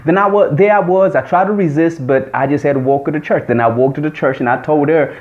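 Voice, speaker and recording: A man's voice: fairly high pitch, a little fast, hardly any pauses. A man telling a personal testimony in an emphatic, repetitive storytelling manner. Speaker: testimony speaker. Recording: dull lo-fi recording.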